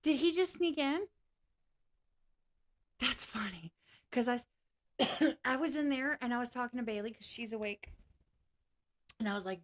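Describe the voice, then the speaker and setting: A woman's voice: high-pitched, moderate pace, pauses often. A woman vlogging in a casual, rambling way, apologizing often and swearing now and then. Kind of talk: casual reaction vlog chat.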